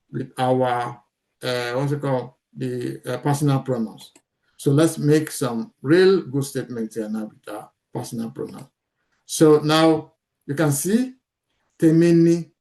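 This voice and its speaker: Slow, mellow-voiced man teaching a lesson. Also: a little high. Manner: patient, repeats words slowly, with many fillers and restarts. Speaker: language teacher. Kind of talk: slide-based language lesson.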